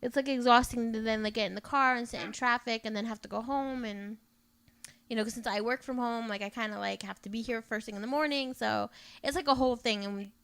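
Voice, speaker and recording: A young woman chats on a podcast with lively, animated storytelling. She fills her talk with "like". Her voice sits fairly high. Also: brisk, gravelly, clear, resonant tone. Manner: chatty, animated storytelling with many "like"s. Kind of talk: casual chat.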